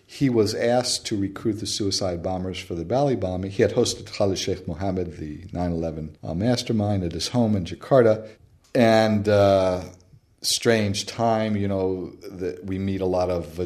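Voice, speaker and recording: A man's voice: low-pitched, a little mellow. A male anthropologist, a guest on a radio interview, telling stories animatedly with frequent fillers and restarts. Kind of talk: casual radio interview storytelling.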